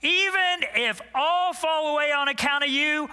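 A man voicing a brash, impulsive male disciple making loud, emphatic vows. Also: extremely high pitch, moderate pace, pitched above the performer's own voice, exaggerated voice. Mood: boastful.

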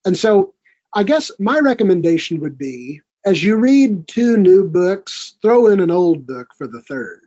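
A man's voice: high-pitched, sing-song, measured pace, warm tone, lo-fi sound. A man speaking as a guest in a studio conversation, earnest and encouraging. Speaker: podcast guest. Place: recording studio.

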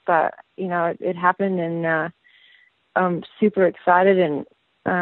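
Australian woman singer on a tinny phone line, rambling and relaxed, dry sound. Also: fairly low pitch, no room sound. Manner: relaxed and rambling, many fillers and restarts. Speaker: band singer, guest. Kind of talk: casual interview chat.

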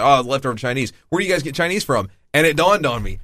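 A man's voice: medium pitch, quick pace, few pauses, pushed and bright, no room sound. A young man co-hosting a casual chat about wrestling, joking and laughing often. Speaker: podcast co-host.

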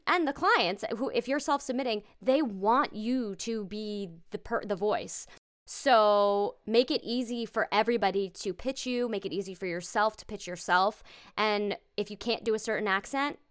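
Smooth-voiced emphatic woman. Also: fairly high pitch. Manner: emphatic, animated. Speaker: voiceover actor guest. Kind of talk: casual interview advice.

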